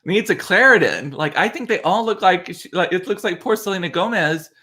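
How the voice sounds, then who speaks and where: A man's voice: high voice, expressive, a little fast, pushed and bright. A man hosting a casual livestream from his home computer, chatty and laughing at himself. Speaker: livestream host, father. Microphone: computer mic.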